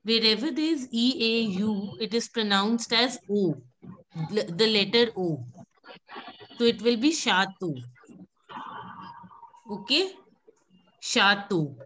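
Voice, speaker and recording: A woman's voice: fairly high pitch, lively intonation, unhurried, fairly bright tone. A woman teaching French pronunciation in an online class, patiently repeating words and calling on students by name. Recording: noisy background.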